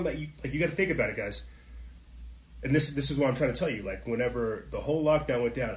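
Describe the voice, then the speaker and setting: A man's voice: medium pitch, echoey room. A man hosting his own channel, giving a heated, repetitive monologue straight to his viewers. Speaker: channel host. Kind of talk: impassioned monologue to camera.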